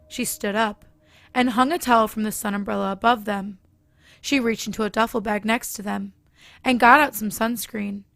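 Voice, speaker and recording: Gravelly woman reading a horror story. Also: on the high side, fairly bright tone, no echo. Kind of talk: scripted narration.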